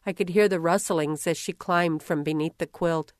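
A woman reading a first-person story aloud in a measured, gentle way. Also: on the low side, fairly even intonation, no echo, clean studio sound. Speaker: reader.

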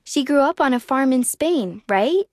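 A cheerful, curious young girl from a children's storybook, as a woman reads her aloud. The voice sits fairly high and sounds dry and close, with an earnest, eager way of speaking. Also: expressive, a little slow, a little mellow, dry recording. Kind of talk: children's magazine story reading.

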